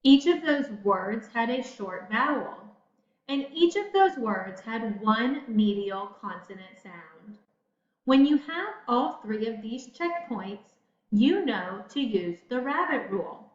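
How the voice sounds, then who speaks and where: A woman teacher giving a patient phonics lesson to children, speaking slowly and pausing for answers. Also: a little high, lively intonation. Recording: echoey room, slightly dull sound.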